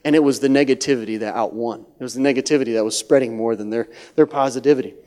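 A man preaching a sermon as pastor of a church, swinging from hushed near-whispers to loud, high-pitched acted-out voices. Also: racing. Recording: long hall reverb.

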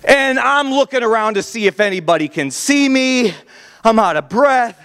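A man in his thirties preaching a sermon as a pastor, an animated, self-mocking storyteller. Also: very high voice, moderate pace, clear, resonant tone. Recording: long reverb of a large hall.

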